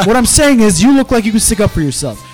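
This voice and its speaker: A man with a high, wildly lively voice argues with friends, defensive and insistent, circling back to the same points again and again. Faint music plays in the background. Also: a little fast. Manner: animated, defensive, repeats himself. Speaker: friend arguing over a spilled beer. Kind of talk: casual bar banter.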